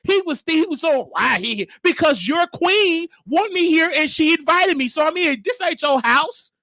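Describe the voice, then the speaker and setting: A man hosting his own show, telling a story in a casual, animated way and mimicking the people in it. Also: normal speed, no room sound, studio quality. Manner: animated, mimics others, drops to a low crooning voice. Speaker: show host.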